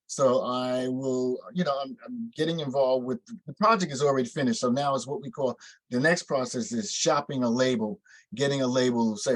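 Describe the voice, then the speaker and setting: A man's voice: mid-range voice, normal speed, dry recording, poor audio. An older man from New York, a guest musician in an interview, telling stories emphatically and acting out quotes. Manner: emphatic storyteller, acts out quotes. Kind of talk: interview conversation.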